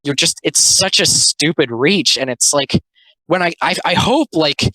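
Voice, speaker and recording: A man's voice: a little high, animated, measured pace, pushed and bright, no room sound, poor audio. A young man doing a casual commentary video, rambling with lots of fillers and sounding exasperated.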